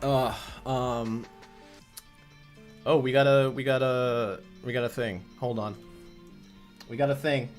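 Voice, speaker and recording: A man's voice: medium pitch, steady tone, slow pace, long pauses, soft background music. A man hosting a casual livestream as a comic creator, chatty and rambling, full of restarts.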